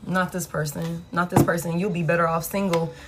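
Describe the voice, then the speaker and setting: A woman's voice: lowish voice, level tone, brisk, background noise. A woman giving a casual live tarot reading, blunt and frank, swearing freely and repeating herself for emphasis. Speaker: tarot reader.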